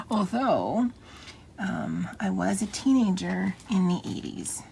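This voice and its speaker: A middle-aged woman chatting softly and often half-whispering as she decorates her planner, with a Valley Girl lilt. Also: mid-range voice, slow, creaky, a little hiss or hum. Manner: soft, often half-whispered, self-deprecating. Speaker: planner vlogger. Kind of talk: casual crafting chat.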